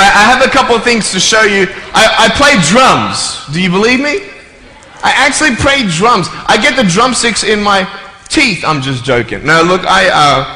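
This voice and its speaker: A man giving a humorous live talk to an audience as a motivational speaker, joking playfully and acting out voices and sounds. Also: high-pitched. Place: large hall before a live audience. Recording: echoey hall, long reverb, faint ambience.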